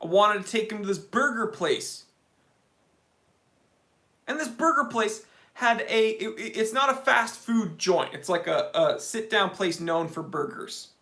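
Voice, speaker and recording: Bright-voiced man ranting comically. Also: high-pitched, animated, measured pace. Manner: talks to viewers by name. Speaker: livestream host. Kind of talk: casual livestream chat.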